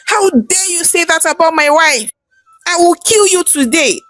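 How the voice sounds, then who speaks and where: A woman's voice: on the high side, expressive, brisk, no echo, soft background music, lightly acted. A woman voicing a betrayed young husband, strained and tearful, in a told folktale. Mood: angry.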